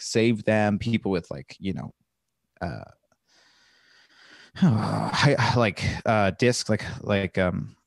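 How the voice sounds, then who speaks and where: A comedian guesting on a podcast, telling stories eagerly in casual chat with lots of filler words. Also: male voice, fairly low pitch, no echo, clean studio sound. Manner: enthusiastic storyteller, heavy on "like" fillers.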